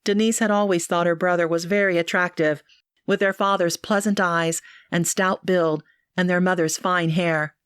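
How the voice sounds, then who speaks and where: A woman reads an audiobook in an even, measured manner. Her voice sits a little low. The recording is dry and close with no room sound. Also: clean tone, no room sound. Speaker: audiobook narrator. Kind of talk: scripted audiobook narration.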